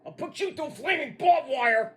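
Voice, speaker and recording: A man's voice: extremely high pitch, animated, normal speed, fairly bright tone, voice pushed up. A man voicing a hotheaded male wrestler who snaps and threatens. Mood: angry. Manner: snappy, threatening.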